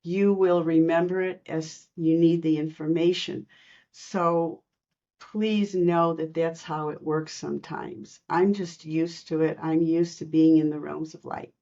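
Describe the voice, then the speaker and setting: A woman telling personal spiritual stories in a podcast interview, earnest and animated, acting out the quotes. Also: deep voice, unhurried, muffled recording. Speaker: spiritual medium guest.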